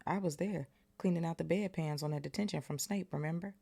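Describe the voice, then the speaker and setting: A woman voicing an excitable teenage boy wizard while reading a storybook aloud, eager and loud. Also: sits low, fairly quick, gravelly, voice pushed up. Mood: excited.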